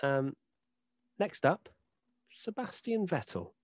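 A man's voice: on the high side, very animated, slow, no echo. A man hosting a casual podcast chat, joking and reading out fan votes. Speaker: podcast host.

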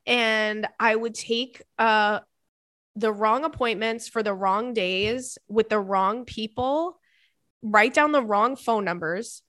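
A woman's voice: fairly high pitch, takes it slowly, fairly bright tone, no echo, studio quality. A woman in her thirties hosting a podcast, reading listener emails in a casual chat full of laughing tangents and swearing.

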